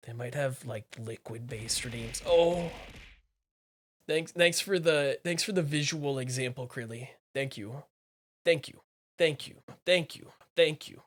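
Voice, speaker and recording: This is a livestreamer bantering playfully with viewers. The middle-range voice keeps alternating between mumbled asides and sudden loud exclamations, with phrases repeated as quick responses to chat.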